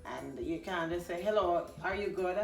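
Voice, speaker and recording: A Jamaican woman from Jamaica hosting a casual conversation, animated and slipping into patois. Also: on the low side, moderate pace, creaky, far from the mic. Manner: animated, laughs often, slips into patois. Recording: echoey room, voice off-mic, faint music.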